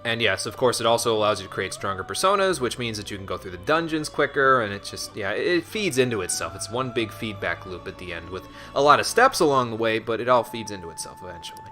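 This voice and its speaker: A man's voice: on the low side, animated, quick pace, hardly any pauses, sharp tone. A man casually commentating as he plays a game, joking sarcastically at the characters. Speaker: streamer playing a game. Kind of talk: casual let's-play commentary. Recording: voice over game music.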